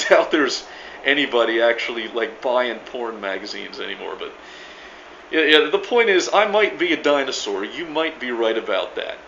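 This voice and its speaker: A man's voice: medium pitch, a bit bright, slight background noise. A middle-aged man giving a rambling video reply, stammering, repeating words and swearing with emphatic force. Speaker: vlogger replying to another creator. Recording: echoey room, dull lo-fi sound.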